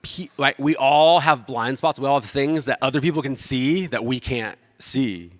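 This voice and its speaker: A man's voice: mid-range voice, normal speed, long reverb tail. A man giving a casual, conversational sermon as pastor, self-deprecating and acting out the voices of the people he quotes.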